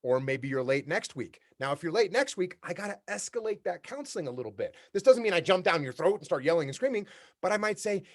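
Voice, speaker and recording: Man, keynote speaker, fairly high voice for a man, blunt and plain-spoken, acts out workplace exchanges. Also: big pitch swings, quick pace. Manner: direct, repetitive, acts out workplace dialogues. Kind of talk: leadership keynote talk. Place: remote talk for a virtual summit.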